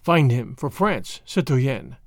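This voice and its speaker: A man voicing a sly, insinuating male French spy who speaks slowly and low in a storybook reading. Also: lively intonation, dry recording, clean studio sound.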